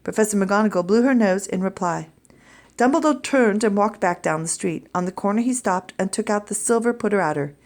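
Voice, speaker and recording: A woman teacher reading a chapter of a children's book aloud to her students in a clear, expressive storytelling voice. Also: medium pitch, a little fast.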